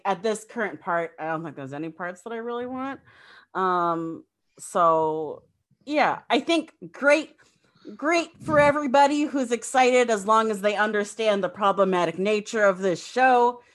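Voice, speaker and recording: A woman with a mid-range, slightly bright voice speaks a little slowly as a podcast co-host. Her casual chat is full of wry jokes and joking asides.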